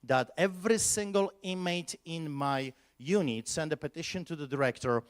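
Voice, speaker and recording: Animated, emphatic man with a raised voice. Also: on the high side, moderate pace. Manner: animated, emphatic storyteller with sudden loud bursts. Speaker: pastor. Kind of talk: conference talk, personal storytelling.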